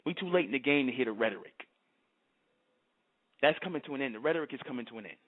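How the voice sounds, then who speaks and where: A man's voice: mid-range voice, lively intonation, quick pace. A man in a fervent monologue, emphatic and repetitive, often asking if the listener understands. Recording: tinny phone-like sound.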